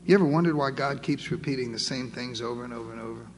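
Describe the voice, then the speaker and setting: A man preaching a sermon, emphatic and building through repeated phrases and pauses. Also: medium pitch, fairly even intonation. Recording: long reverb, faint background noise.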